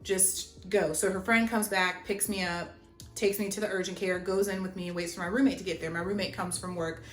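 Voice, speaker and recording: A woman's voice: on the low side, brisk. Chatty young woman in an echoey room. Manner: animated, chatty, heavy use of "like". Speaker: vlogger. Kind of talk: storytime vlog. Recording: roomy echo, faint music. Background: faint background music.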